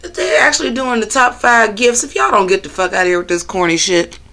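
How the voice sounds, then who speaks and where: A man's voice: sits high, fairly quick, gravelly, sharp tone. A man hosting a casual livestream on his phone, talking loosely and profanely while answering his chat. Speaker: livestream host.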